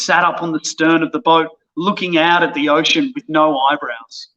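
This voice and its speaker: A man's voice: fairly high pitch, fast, few pauses. A man, an actor and guest, telling a casual funny anecdote and acting out the voices of the people in it. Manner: animated, acts out quoted voices. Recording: dull lo-fi audio.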